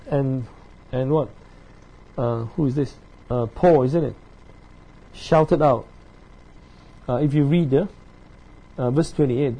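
A man teaching through a Bible passage verse by verse. He talks haltingly, with many fillers, and keeps checking in with his listeners through tag questions. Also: a little high, dark tone, breathy edge, poor audio. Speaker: preacher.

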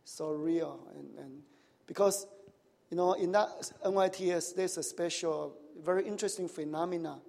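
Male pastor, high voice, sermon with questions to the room, tags like "right?", nonnative grammar, big hall reverb. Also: fairly even intonation, normal speed, creaky, a little mellow.

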